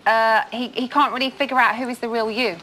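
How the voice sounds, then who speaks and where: Bright-voiced chatty woman host. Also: fairly high pitch, fairly even intonation, brisk, slight background noise. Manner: chatty, stammering restarts, giggly. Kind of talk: studio chat show interview.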